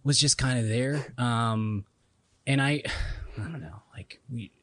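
A man's voice: medium pitch, slow, a bit bright, no room sound. Hesitant man giving film opinions. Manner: hesitant, frequent restarts and fillers. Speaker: podcast co-host. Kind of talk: casual film discussion.

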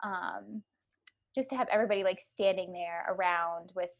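A woman's voice: fairly low pitch, normal speed, vocal fry, dull audio. Chatty woman telling a birth story. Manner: animated storytelling, many likes and ums. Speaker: podcast guest.

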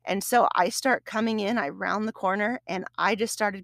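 A woman's voice: a little high, moderate pace, a bit bright, dry recording, studio quality. A woman hosting her own podcast, telling a long personal story in a chatty, rambling way with many restarts. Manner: gets emotional and tearful while recounting. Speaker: podcast host. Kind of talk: casual solo podcast recap.

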